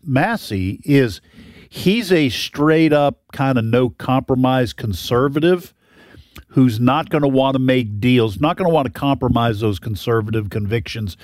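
A man's voice: mid-range voice, expressive, a little slow, darkish tone, no echo, studio quality. A man on a talk radio show, discussing politics thoughtfully with frequent restarts. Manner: thoughtful, hesitant, restarts phrases.

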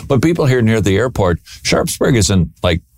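A man's voice: on the low side, very animated, normal speed, darkish tone, dry recording, clean studio sound. A man hosting a talk radio show, chatting and teasing his guest in a jokey way. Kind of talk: casual talk-radio banter.

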